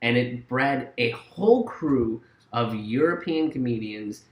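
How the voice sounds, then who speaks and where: Man, rambling co-host, lively pitch swings, roomy sound. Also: unhurried. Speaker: podcast co-host. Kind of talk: casual chat. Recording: echoey room.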